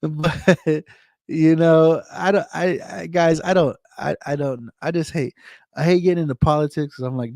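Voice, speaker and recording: A slightly higher-pitched American man rambling through a casual live stream rant, circling back over the same points. His voice sits close and dry on the mic, with no room sound around it. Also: moderate pace, darkish tone, no room sound. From United States. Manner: rambling, repeats phrases, says man and dude. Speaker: live streamer reading chat.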